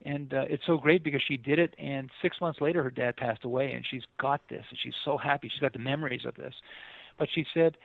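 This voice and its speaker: A man's voice: medium pitch, steady tone, brisk, creaky, no echo. A middle-aged man, a guest on a radio interview, tells a story in an earnest, rambling way with many fillers. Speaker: author and guest. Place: Los Angeles area. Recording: dry tinny phone line.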